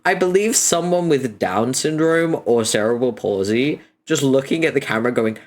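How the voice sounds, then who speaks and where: A young man chatting casually on his stream, swearing freely and breaking into frequent laughter while telling stories. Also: moderate pace. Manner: animated storytelling, laughter rising high in pitch.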